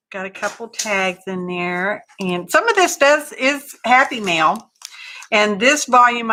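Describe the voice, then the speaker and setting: Folksy woman, craft livestream host, bright and chatty. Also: medium pitch, a little hiss or hum. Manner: chatty and folksy, greets viewers by name, says y'all. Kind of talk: casual live craft chat.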